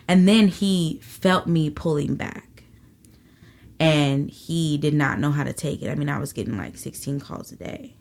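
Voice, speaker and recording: Brief: low-pitched woman, comedian guest, animated and salty storyteller. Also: unhurried. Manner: animated storyteller, profane, acts out quotes. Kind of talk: casual interview chat.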